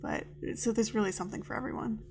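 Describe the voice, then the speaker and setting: A woman's voice: medium pitch, fast talker, vocal fry, darkish tone, slightly rough, faint music behind. A woman interviewer agreeing and adding her thoughts in a casual, hesitant way, with many fillers.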